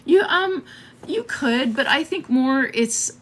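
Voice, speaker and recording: A woman's voice: sits high, lively intonation, slow, a bit bright. A woman hosting a live marketing stream, talking casually and a bit scattered, laughing often and checking in with "okay?".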